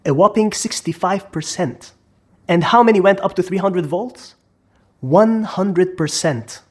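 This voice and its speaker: A man's voice: high-pitched, a little slow, faint music behind. A man narrating a psychology lesson in a dramatic way, asking the listener questions. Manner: dramatic, asks the listener questions, acts out quotes. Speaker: psychology lecturer. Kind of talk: explainer video narration.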